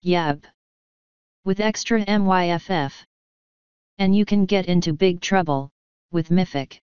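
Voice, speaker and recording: A woman's voice: on the low side, measured pace, smooth, no echo, lo-fi sound, natural voice. Woman doing a folksy old midwife, earthy and shrewd. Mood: earthy, knowing. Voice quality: dropped g's, folksy rural speech.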